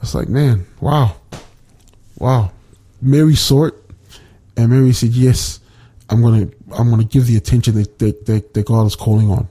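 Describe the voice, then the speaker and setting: Guy doing a devotional chat, husky mellow voice, lots of restarts and ums. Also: medium pitch. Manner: halting, many restarts and fillers. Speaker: Bible study speaker. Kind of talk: casual devotional talk.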